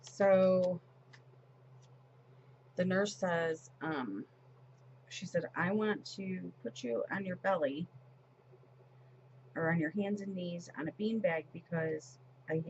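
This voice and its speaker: A woman's voice: lowish voice, takes it slowly, long pauses, a little mellow, highs cut off, a little hiss or hum. A woman in her forties chatting casually as she decorates her planner, retelling a story with lots of fillers and restarts. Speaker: planner vlogger.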